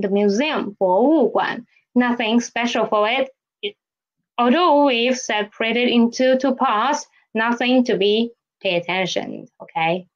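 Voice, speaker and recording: A woman teaches step by step, with a voice that sits somewhat high and moves at an unhurried pace. She repeats words and keeps checking in with "okay?" and "right?". The recording sounds slightly dull and lo-fi. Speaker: Chinese language teacher. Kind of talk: slow step-by-step lesson.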